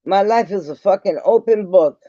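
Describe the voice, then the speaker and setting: A man's voice: high voice, moderate pace, mellow, dry recording. A man vlogging an angry, profane rant straight to the camera, repeating himself as he confronts someone. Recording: dull lo-fi sound.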